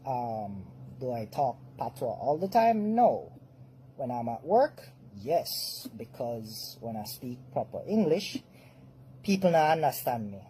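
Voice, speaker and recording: A man with a Jamaican accent talks to camera in an unhurried, laid-back drawl, now and then dropping into patois. His voice is dark and mellow. A faint background noise runs under the recording. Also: fairly high pitch, low-quality recording. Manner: slow, easygoing, drifts into patois. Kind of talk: direct-to-camera monologue.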